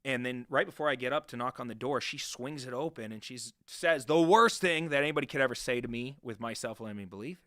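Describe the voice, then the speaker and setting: A man speaks as a guest with a bright, tense edge to his voice. He tells his story candidly and uses a lot of profanity, dropping low and then rising loud. The sound is close and dry, with no room echo. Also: fast talker, hardly any pauses. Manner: animated, profane, swings from hushed to loud. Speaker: guest, real estate investor.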